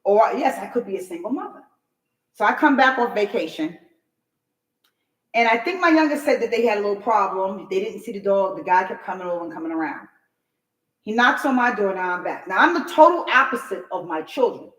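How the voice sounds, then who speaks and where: A woman's voice: mid-range voice, a little fast, reverberant, low-quality recording. Emphatic middle-aged New woman. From New York. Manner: emphatic, animated storyteller who acts out other people's lines. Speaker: guest. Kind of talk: talk show storytelling.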